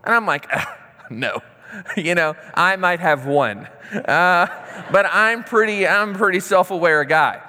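A man preaching a sermon and telling a story, acting out quoted dialogue in lively voices. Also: high-pitched, slow. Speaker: pastor. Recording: long hall reverb.

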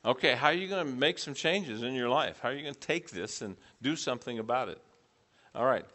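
A middle-aged man leads a church teaching session with a bright, clear voice at an ordinary pitch. He asks the group question after question and repeats their answers back to them. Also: expressive, a little fast. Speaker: preaching class teacher. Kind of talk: interactive class teaching.

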